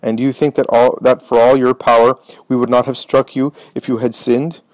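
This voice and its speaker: A man's voice: medium pitch, level tone, brisk, a little mellow, dry recording, lightly acted. Man reading as a pompous, stern scribe. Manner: lecturing, pompous. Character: self-righteous male scribe, stern.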